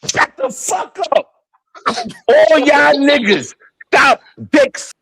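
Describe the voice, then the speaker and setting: A man's voice: extremely high pitch, expressive, takes it slowly, vocal fry, a bit bright. A man heckling the hosts with crude, aggressive insults.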